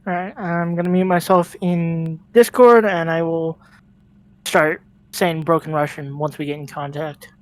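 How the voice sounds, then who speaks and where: A man's voice: a little high, steady tone, a little slow. A man on voice chat during a game, helpfully explaining controls with some hesitation. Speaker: player helping with game controls.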